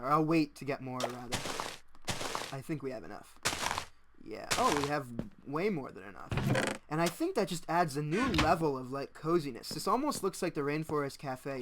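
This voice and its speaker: A young man chatting casually as he narrates his own gameplay, excitable and quick to laugh. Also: a little high, background noise. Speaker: gaming channel host. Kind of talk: casual let's-play commentary.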